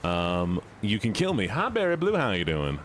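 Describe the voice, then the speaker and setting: A man's voice: lowish voice, wildly swooping pitch, normal speed, fairly bright tone, a little hiss or hum. Joking man streaming a game. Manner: chatty, joking, swears, talks to chat. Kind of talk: casual live-stream gaming commentary.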